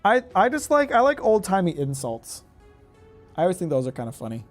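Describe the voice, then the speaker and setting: A man's voice: high-pitched, wildly swooping pitch, fairly quick, faint music behind. A man giving casual gameplay commentary, rambling and joking, often correcting himself mid-sentence. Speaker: gaming YouTuber.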